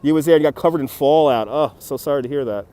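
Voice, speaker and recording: A new guy from New York City hosts a live walking-tour stream along a city riverfront, chatting, reading out viewer comments, greeting people by name, and laughing easily and often. His voice is a bit higher and mellow, and he talks fast. It's captured on a phone mic mounted on a handheld gimbal.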